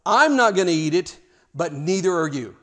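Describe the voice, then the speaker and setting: A man's voice: high-pitched, very animated, normal speed, a bit bright. A man voicing a stubborn dog in a spoken fable, blunt and refusing. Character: stubborn dog guarding straw.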